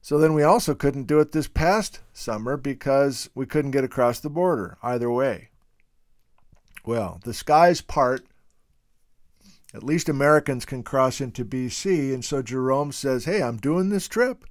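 A man hosting a casual, unscripted talk about geology. He speaks in an emphatic, animated and opinionated way. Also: mid-range voice, unhurried, no room sound, clean studio sound. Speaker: host.

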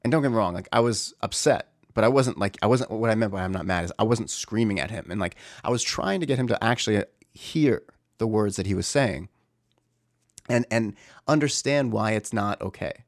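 Low-voiced man telling a personal story. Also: expressive, fairly quick, no room sound, studio quality. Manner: candid, searching, restarts often.

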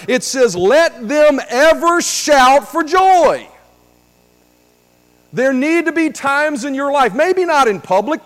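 Male pastor, very high voice, sermon swinging quiet to loud, long church reverb. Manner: preaching with dramatic swings from hushed to shouting.

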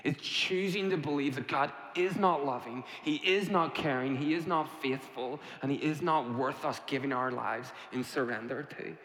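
A pastor preaches emphatically and repetitively in a medium-pitched, fairly bright voice, posing rhetorical questions to his congregation. Echoey hall reverb fills the recording.

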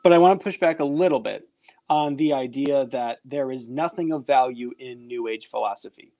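Measured man politely pushing back. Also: mid-range voice, darkish tone. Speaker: podcast co-host. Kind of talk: casual Christian podcast discussion.

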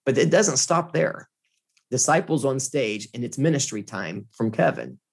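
A man with a husky, slightly breathy voice recounts a personal story to a host. His telling is animated and earnest, and his pitch sits in an ordinary middle range. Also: moderate pace. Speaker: guest. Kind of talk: casual storytelling in conversation.

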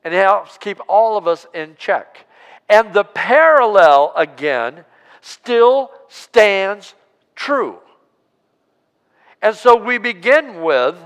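Man, pastor, sermon, high voice, slow deliberate delivery, call-and-response, long church reverb. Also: fairly bright tone, clean tone. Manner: preaching with call-and-response, drawn-out emphasis. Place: church sanctuary.

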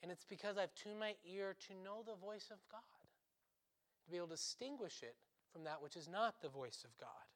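High-voiced, emphatic male priest preaching. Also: brisk. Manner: emphatic, swinging between loud urging and hushed intensity; conversational with asides and laughs. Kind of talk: sermon.

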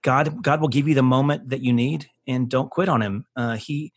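A man's voice: mid-range voice, steady tone, normal speed, breathy edge, no room sound. A man speaking as a podcast guest, earnest and heartfelt, often restarting and repeating words for emphasis, then leading a closing prayer.

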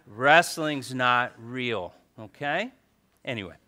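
A male pastor preaching a sermon, telling a story with animated swings between soft asides and loud exclamations. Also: medium pitch, slow.

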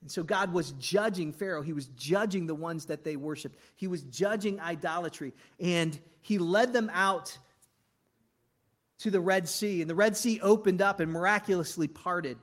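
A man, a pastor, preaching a conversational sermon full of rhetorical questions, swinging between loud and hushed. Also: high-pitched, moderate pace.

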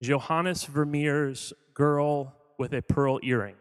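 A man's voice: on the high side, steady tone, takes it slowly, clear, resonant tone. A man preaching a sermon as pastor in a casual, joking way, asking the audience questions as he goes. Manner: conversational, jokey, quizzes the audience. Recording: long hall reverb.

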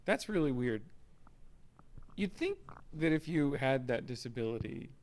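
A man's voice: medium pitch, big pitch swings, unhurried, darkish tone. A man making wry, teasing comments in a casual chat among comedians.

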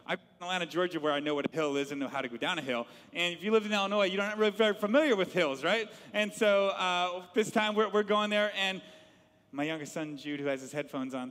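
A middle-aged man, a pastor, preaching a sermon with animated storytelling and repeated words. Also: sits high, big-room sound.

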